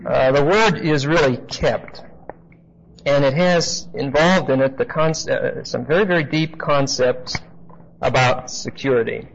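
A man's voice: mid-range voice, gravelly, slight background noise. Man teaching scripture on a muffled recording. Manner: explains word meanings slowly, repeats key phrases, asks the class questions. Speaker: preacher teaching a Bible class. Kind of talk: conversational Bible teaching.

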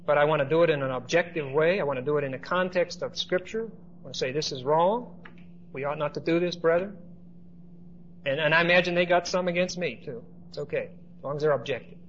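Man, pastor, conversational sermon, slightly high voice, dull lo-fi recording, faint hiss. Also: quick pace, fairly bright tone. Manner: conversational storytelling with asides to the congregation.

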